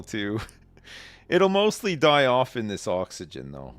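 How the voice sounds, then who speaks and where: A man's voice: on the low side, sing-song, measured pace, a bit bright. A man hosting a livestream, casually commenting on his gameplay, rambling and self-deprecating, and reading game text aloud. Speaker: livestream host.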